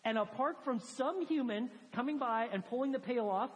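A woman's voice: fairly high pitch, normal speed, dull audio. A woman preaching a sermon in a church, conversational and emphatic with many fillers. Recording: long hall reverb.

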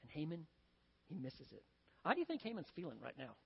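A man's voice: fairly high pitch, huge pitch swings, brisk, vocal fry, slightly rough. A male pastor preaching a sermon in a conversational, storytelling way, acting out the scenes he describes. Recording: dull sound with long reverb.

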